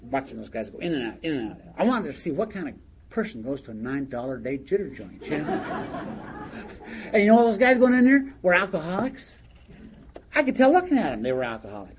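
Guy telling a story to a crowd, wry and lively, pitch all over the place, kinda muffled recording. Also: brisk. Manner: animated, wry, laughs while telling. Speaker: speaker sharing his recovery story. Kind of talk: storytelling talk to an audience.

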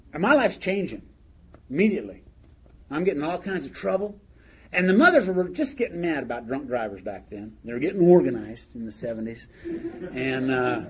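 An older man sharing a humorous story of his own at a recovery meeting, in a folksy manner and laughing along with his own words. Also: a little high. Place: meeting hall. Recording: dull lo-fi recording with faint hiss.

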